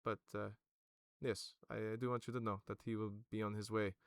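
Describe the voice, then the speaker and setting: A man voicing a solemn young crown prince who speaks formally and quietly. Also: little pitch movement, a little fast, clean tone, no room sound, close to an everyday voice. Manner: low, quiet, formal speech.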